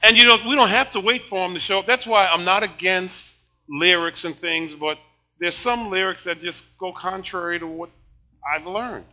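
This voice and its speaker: An older man preaching a sermon, animated and laughing often, moving between shouted praise and quiet storytelling. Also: high voice, moderate pace, poor audio. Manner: laughs often while talking.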